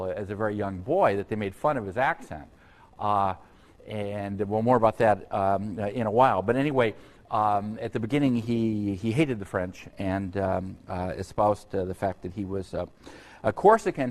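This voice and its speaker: A man giving an unscripted university history lecture, halting often on fillers and restarts, with conversational asides to his students. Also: on the low side. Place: lecture hall.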